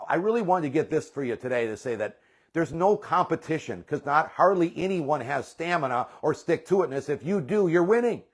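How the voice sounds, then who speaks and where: A man with a fairly high voice gives a motivational talk to his sales team. He is fired up and rambling, and he circles back to the same points over and over. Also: animated, brisk. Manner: fired-up, rambling, repeats himself. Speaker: network marketing leader.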